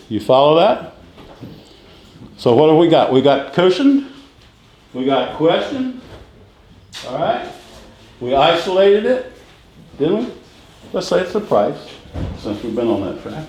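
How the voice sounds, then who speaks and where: A man's voice: a little high, very animated, darkish tone. Middle-aged man teaching in an echoey classroom. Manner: drills phrases by repetition, quizzes the class with quick questions. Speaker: real estate sales instructor. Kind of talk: classroom training lecture. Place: training classroom. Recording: echoey room with faint noise.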